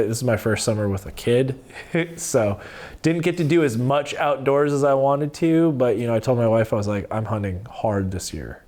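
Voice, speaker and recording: A man talking as a podcast guest, telling animated stories in casual, profane conversation. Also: lowish voice.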